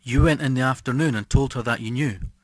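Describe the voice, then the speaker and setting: A man's voice: medium pitch, a little fast, dry recording, close to an everyday voice. Male reader as a nervous cheating husband, uneasy and tense, audiobook, dry. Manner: uneasy, frightened. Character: nervous unfaithful husband, adult man.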